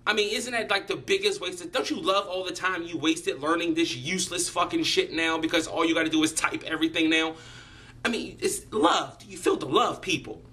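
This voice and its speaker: A man's voice: fairly high pitch, brisk, hardly any pauses, sharp tone. A man delivering a profane, sarcastic comedic rant to camera, mocking people and sometimes putting on voices. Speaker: vlogger.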